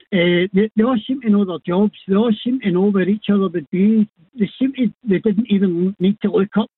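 A man calling into a radio phone-in, talking haltingly with many fillers. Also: sits high, breathy edge, no echo. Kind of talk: casual phone-in chat. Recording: tinny phone line.

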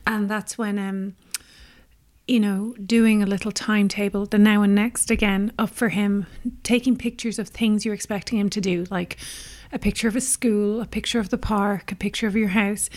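A woman's voice: mid-range voice, fairly even intonation, normal speed. A woman co-hosting a casual podcast as a childcare expert, explaining things in an earnest, emphatic way.

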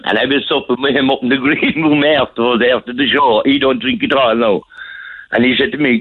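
A man's voice: mid-range voice, animated, brisk, husky. A man with a Cork accent calling a radio show, telling a rambling story. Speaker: caller. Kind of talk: casual phone-in chat. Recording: tinny phone line.

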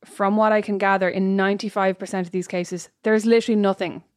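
A woman's voice: medium pitch, level tone, fast talker, a little mellow, no echo, clean studio sound. A woman co-hosting a casual chat podcast, blunt and self-mocking, laughing often. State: pregnant. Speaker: podcast co-host.

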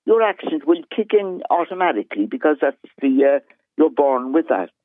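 A man's voice: on the high side, sing-song, normal speed, no echo. Earnest Cork man on a tinny phone line. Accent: Cork Irish. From Cork, Ireland. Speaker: caller. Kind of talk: radio phone-in chat.

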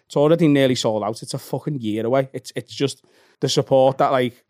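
A Scouse man in his thirties rattles through his stories at a quick clip, swearing freely and acting out little scenes. His voice sits at a middling pitch. It is recorded close and dry, with no room sound. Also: no room sound. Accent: Liverpool (Scouse). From Liverpool, England. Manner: fast, sweary, animated storytelling. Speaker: stand-up comedian, podcast guest. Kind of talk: casual chat.

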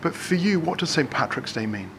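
A man's voice: on the high side, animated, fairly quick, a little hiss or hum. A man working as a radio reporter, asking conversational interview questions in a chatty, light-hearted way.

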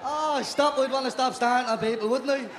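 A man's voice: extremely high pitch, fairly even intonation, a little fast. A young man with a Dublin accent, co-hosting a live podcast show and trading cheeky, sweary banter with the audience. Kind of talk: live stage banter with crowd. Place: live venue before an audience. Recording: echoey venue, noisy crowd.

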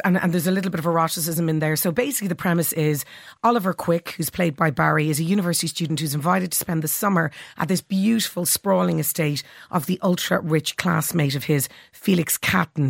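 Hoarse, chatty Irish woman. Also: on the low side, no room sound, clean studio sound. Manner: chatty, enthusiastic, many fillers. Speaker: entertainment correspondent. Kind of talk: radio phone-in chat.

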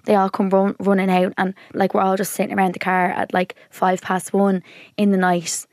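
A woman's voice: medium pitch, completely flat delivery, normal speed, a little mellow, no room sound, clean studio sound. A young woman in her twenties with a Dublin Irish accent, chatting on a podcast and telling stories full of "like". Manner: chatty storyteller, many likes. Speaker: podcast co-host. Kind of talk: casual chat.

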